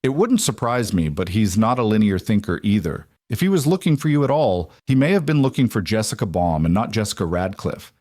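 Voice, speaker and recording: A man's voice: fairly low pitch, very animated, fairly quick, few pauses, darkish tone. Man playing a sheepish, insecure husband. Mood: hesitant. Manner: hesitant, apologetic confessions.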